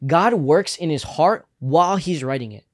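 A man's voice: a little high, lively intonation. A young man co-hosting a casual faith podcast, speaking earnestly and reflectively. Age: young adult. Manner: earnest, reflective, quick to affirm. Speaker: podcast co-host.

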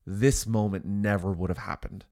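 A man's voice: fairly low pitch, fairly even intonation, moderate pace, dark tone, no room sound, studio quality. A man co-hosting a casual faith-based marriage podcast, with a congested, nasal voice from allergies. He sounds earnest and often repeats words as he starts a sentence. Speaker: co-host.

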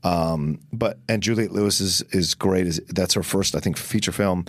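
A man co-hosting a casual film discussion podcast, enthusiastic and talking in quick bursts with restarts. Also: low-pitched, dry recording, studio quality. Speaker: podcast co-host.

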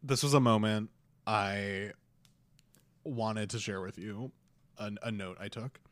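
A man's voice: lowish voice, steady tone, slow pace, a bit bright, no room sound. A man co-hosting a podcast, chatting casually in a rambling way with lots of fillers. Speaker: podcast co-host. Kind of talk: casual chat.

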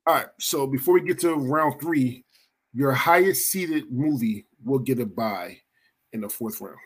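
A man hosts a casual podcast, his husky voice sitting at a middle pitch. He talks loosely and bluntly, swearing and laughing as he runs the show. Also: measured pace. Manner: animated, swearing, laughing often. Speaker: podcast host.

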